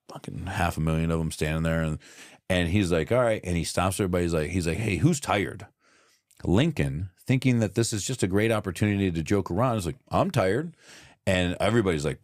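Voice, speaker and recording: A man with a low, deep voice, talking casually on a podcast and acting out what people said as he tells stories. He swears freely. The sound is dry and close, with no room echo. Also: fast. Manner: animated storyteller acting out quotes, swears freely. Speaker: podcast co-host. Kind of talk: casual chat.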